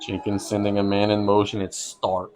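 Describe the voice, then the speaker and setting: Man calling high school football. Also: completely flat delivery, a little mellow, slight background noise, poor audio. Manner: brisk, easygoing play calling with chuckles. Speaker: play-by-play announcer.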